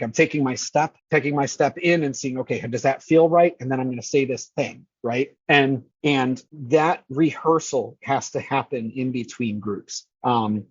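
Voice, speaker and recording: A man's voice: mid-range voice, husky, no echo, highs cut off. A man who manages scare actors, talking casually and energetically in an interview, swearing freely and acting out lines.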